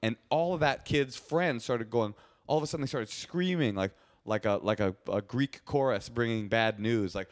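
A man's voice: medium pitch, normal speed. Man telling a rambling comic anecdote. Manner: animated, rambling anecdote with frequent restarts and fillers. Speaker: podcast co-host. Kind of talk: casual comedic storytelling.

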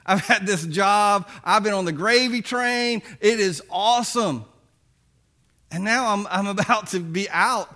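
A proud, lazy business manager who talks his way out of trouble, wheedling and folksy, as a preacher puts him on in a sermon. The voice sits bright and fairly high for a man. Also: measured pace. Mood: self-pitying. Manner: folksy, whining then wheedling.

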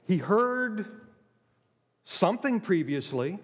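A man preaching a sermon, emphatic, with dramatic pauses and acted-out quotes. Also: sits high, sing-song, long reverb tail.

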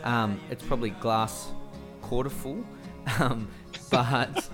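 A man's voice: mid-range voice, takes it slowly, over music. A man with an Australian accent co-hosting a casual podcast chat, ranting and swearing freely. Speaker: podcast co-host.

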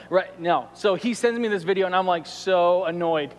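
Male pastor, high-pitched and animated storyteller, long reverb from the sanctuary. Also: normal speed. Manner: animated storytelling with quoted asides. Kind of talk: sermon. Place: church sanctuary.

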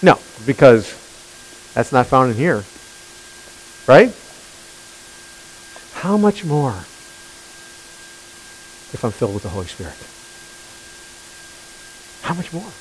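A man's voice: mid-range voice, takes it slowly, long pauses, breathy edge, poor audio. A male pastor preaching a sermon, emphatic and constantly questioning his listeners. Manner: animated, questioning the congregation, emphatic.

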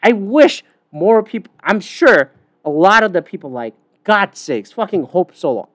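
A woman's voice: mid-range voice, sing-song, a little slow, dry recording. A woman hosting a podcast, ranting bluntly and profanely in casual talk with many fillers. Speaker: podcast host. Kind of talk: casual opinion rant.

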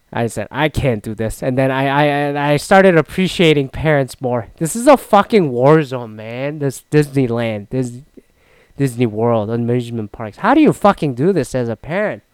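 A young man casually recounting a solo trip, rambling and swearing, with loud mock-outraged outbursts. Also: mid-range voice, vocal fry, smooth, no echo. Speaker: vlogger recapping a solo trip. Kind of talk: casual profane storytelling.

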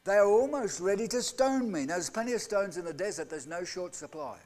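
A man preaching a live sermon in a church. He asks the congregation rhetorical questions and swings between loud outbursts and hushed lines. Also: sits high, lively intonation, a little fast. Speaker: pastor. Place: church hall.

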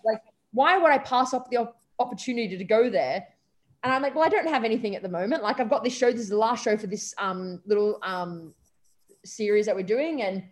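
A young woman with an Australian accent and a fairly high voice tells an anecdote as an interview guest. She talks casually, with plenty of "um" and "like", and acts out the people she quotes. She sounds like a stage performer recounting her own adventures. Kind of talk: casual storytelling.

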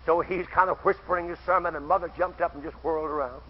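An older man preaching a fervent camp meeting sermon, telling stories with quoted voices and breaking into shouts, on an old recording. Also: a little high, fast talker, a little hiss or hum. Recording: dull lo-fi old tape recording.

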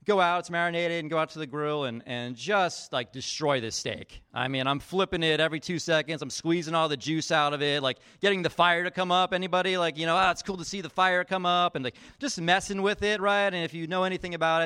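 A man's voice: on the high side, steady tone, brisk, sharp tone, clear, resonant tone. A man as a pastor giving a casual, conversational sermon, telling stories and acting out the voices of people in them. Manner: casual storytelling, acts out quoted voices; chatty, leans on fillers like "like" and "you know".

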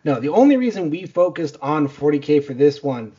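A man co-hosting a podcast, pitching ideas in quick, enthusiastic run-on sentences. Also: big pitch swings, warm tone, breathy edge, lo-fi sound. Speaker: podcast co-host. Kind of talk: casual chat.

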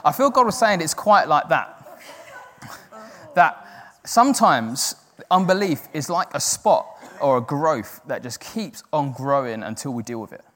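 A man's voice: a little high, animated, measured pace, fairly bright tone. Man preaching in a reverberant hall. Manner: earnest, self-deprecating, acts out inner voices. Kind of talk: sermon.

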